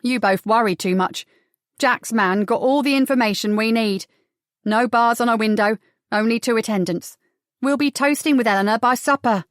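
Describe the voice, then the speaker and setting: A woman's voice: fairly high pitch, normal speed, dry recording, lightly acted. Casting: a woman playing a brash, cheeky young schemer in an audiobook, bold and breezy, dry close read.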